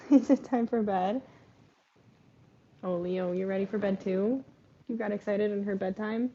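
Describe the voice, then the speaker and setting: A woman's voice: medium pitch, a little slow, dark tone, muffled recording, slight background noise. A woman hosting a casual live stream, chatting and coaxing her pets in between bits of play-by-play.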